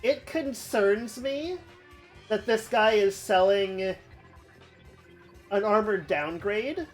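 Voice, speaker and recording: A woman's voice: medium pitch, takes it slowly, faint music behind. A woman streamer giving casual, wry commentary while playing a video game.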